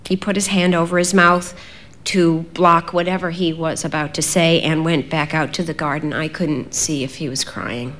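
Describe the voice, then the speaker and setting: Measured woman reading an audiobook. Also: low-pitched, fairly even intonation, a bit bright. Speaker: narrator.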